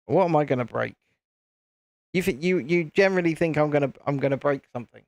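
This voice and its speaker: A man's voice: on the high side, fast talker, no room sound, clean studio sound. A British man hosting a live stream, chatting casually to viewers in a self-deprecating, easily flustered way. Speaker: channel host.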